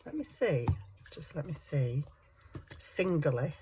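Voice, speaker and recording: A woman's voice: sits low, very animated, slow, noisy background. A woman chatting casually to viewers and herself as she works on a wire craft project. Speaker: craft vlogger. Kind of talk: casual chat while crafting.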